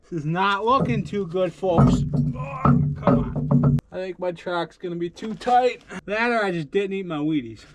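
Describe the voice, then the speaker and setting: A man's voice: high-pitched, normal speed, music in the background. A man giving casual running commentary while repairing farm machinery, joking and poking fun at himself as he thinks aloud. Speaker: farm vlogger doing equipment repairs. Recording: noisy shop background.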